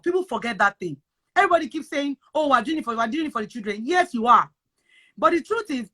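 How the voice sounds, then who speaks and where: A woman's voice: high-pitched, bright, forceful tone, breathy edge. A woman from Nigeria with a Nigerian accent, giving advice in an emphatic, repetitive, preachy way in casual chat. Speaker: guest sharing advice on moving abroad.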